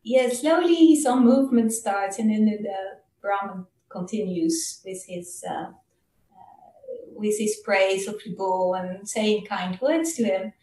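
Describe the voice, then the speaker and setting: A woman casually retelling a Buddhist story during a Dhamma talk, halting and full of fillers. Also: mid-range voice, warm tone. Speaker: Dhamma speaker. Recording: roomy, distant mic.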